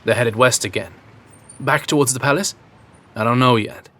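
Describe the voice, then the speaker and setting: A man voicing a blunt, cursing bodyguard and ex-soldier, gruff in manner. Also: mid-range voice, normal speed, pushed and bright, natural voice.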